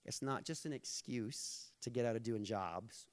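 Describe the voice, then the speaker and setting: A man's voice: medium pitch, unhurried. Playful conversational male preacher. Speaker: pastor. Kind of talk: sermon.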